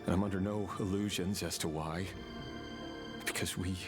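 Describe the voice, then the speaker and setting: Casting brief: a man voicing a game's brooding hired blade, very low, measured and reflective, with clear music under him. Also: steady tone, natural voice. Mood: grave. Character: weary, brooding male swordsman who kills for a king. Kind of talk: game voice acting. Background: game soundtrack music.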